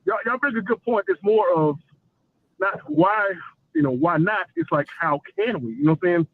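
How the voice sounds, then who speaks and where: A man with a high, light voice calls in and chats loosely, joking and repeating filler phrases. His voice comes through a tinny, dry phone line. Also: sing-song, moderate pace, vocal fry, no echo. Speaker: caller. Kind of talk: casual call-in chat.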